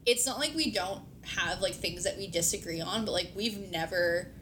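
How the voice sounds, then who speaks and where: A woman hosting a podcast, chatting casually with her partner, filling her speech with "like" and swearing now and then. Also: moderate pace. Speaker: podcast host. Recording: noisy recording with low rumble.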